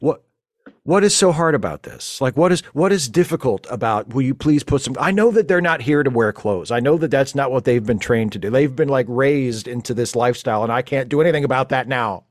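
A man's voice: mid-range voice, animated, a little fast, dry recording, clean studio sound, close to an everyday voice. Man playing a stammering frazzled space lieutenant. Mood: exasperated. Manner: rambling, stammering, flustered. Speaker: space-fleet lieutenant recording a podcast. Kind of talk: comedic audio monologue.

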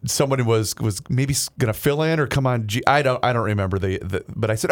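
A male radio host talking in loose, casual banter. He rambles through his stories, doubling back and restarting his sentences as he goes. His pitch sits right in the middle range. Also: fast talker, hardly any pauses. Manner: rambling, self-interrupting storyteller.

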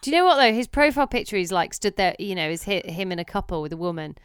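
A woman's voice: medium pitch, fast talker, smooth. A young woman co-hosting a podcast in casual chat, joking and teasing. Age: young adult. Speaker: podcast co-host.

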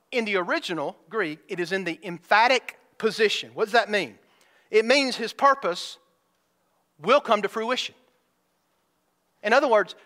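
Bright-voiced preacher in a reverberant hall. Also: male voice, high voice. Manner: emphatic, drawn-out preaching with rhetorical questions. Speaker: pastor. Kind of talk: sermon.

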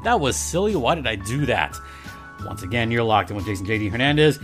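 A man's voice: medium pitch, big pitch swings, a little fast, fairly bright tone, soft background music. A man hosting a sports podcast in a playful, joking way. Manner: playful and jokey, reads ad in hype voice. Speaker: podcast host. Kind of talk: casual sports podcast talk.

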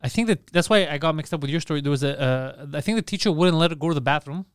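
A man's voice: fairly high pitch, quick pace, clean tone, no echo, studio quality. A young man, trading blunt, profane stories as a podcast co-host. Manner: blunt, profane storytelling with laughs. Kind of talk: casual chat.

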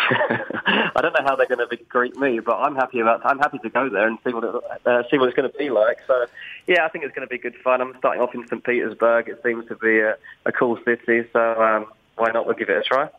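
British man, football analyst guest, measured explanations, dull lo-fi line. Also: medium pitch, fairly even intonation. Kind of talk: sports analysis chat.

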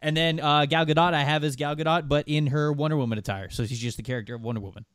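A man's voice: fairly high pitch, steady tone, quick pace, a bit bright, clear, resonant tone, no room sound, studio quality. A man hosting a casual podcast, chatty and explanatory as he reads listener questions. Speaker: podcast host.

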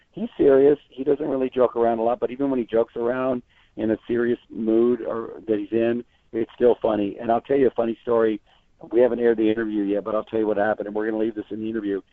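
Chatty male reporter guest on a phone line, lowish voice, dry and tinny. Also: no echo. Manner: chatty storyteller with frequent restarts. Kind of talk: casual phone interview.

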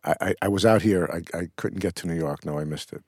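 A man's voice: sits low, quick pace, darkish tone, slightly rough, dry recording, clean studio sound. A middle-aged man, an actor, telling rambling stories with restarts and casual swearing in an interview.

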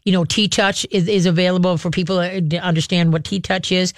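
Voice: medium pitch, level tone, moderate pace, dry recording, studio quality. A radio host and dog trainer giving chatty, hands-on advice to callers on a call-in show. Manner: chatty and instructive, acts out dog commands.

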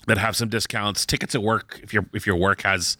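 A man's voice: fairly low pitch, steady tone, a little fast, sharp tone, dry recording. A man co-hosting a podcast, telling a story in casual chat with lots of fillers. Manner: rambling, filler-heavy storytelling. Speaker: podcast co-host.

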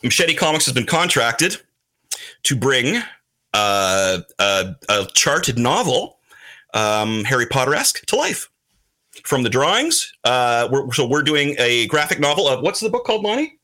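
Brief: animated male podcast regular, bright tone, swooping pitch, fond of quick put-on voices. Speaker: show regular, comic publisher. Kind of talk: casual podcast chat.

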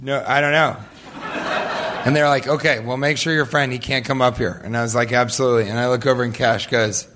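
A man's voice: mid-range voice, fairly even intonation, fairly quick, noisy background. Joking man telling stories to a crowd. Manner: loose, joking, laughs often. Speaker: comedian answering audience questions. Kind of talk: live audience Q&A storytelling.

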